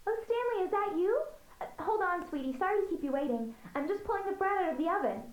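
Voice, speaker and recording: A woman voicing an affectionate, homely wife in a game, speaking warmly. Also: extremely high pitch, lively intonation, fast, roomy sound, poor audio. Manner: warm, affectionate. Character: sweet, homely wife calling from the kitchen in a game.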